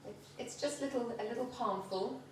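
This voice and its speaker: A woman's voice: a little high, moderate pace, far from the mic, slight background noise. Chatty woman in an echoey kitchen. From South Africa. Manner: chatty, rambling, laughs easily. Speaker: home cook hosting a cooking video. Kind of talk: casual cooking demonstration and chat. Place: home kitchen. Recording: echoey room, voice away from the mic.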